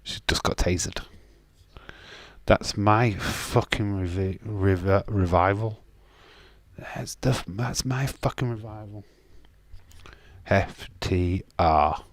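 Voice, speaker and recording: Slow and lowish, with long pauses and no echo, a Yorkshire-accented man from Castleford, England hosts a live stream. His chat is blunt and casual; he swears freely and restarts sentences. The content is a watch-along where he reads viewer comments.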